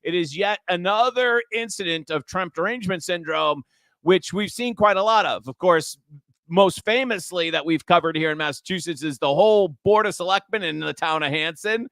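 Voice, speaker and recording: A man hosting a casual talk show, his voice sitting notably high for a man. He rambles along chattily, backing up and restarting his sentences. The sound is dry and close, with no room echo. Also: moderate pace, a bit bright.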